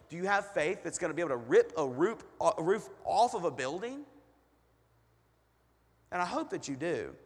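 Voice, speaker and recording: A man preaching a sermon as pastor, in a conversational way, asking the congregation lots of rhetorical questions. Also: fairly high pitch. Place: church hall. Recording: long hall reverb.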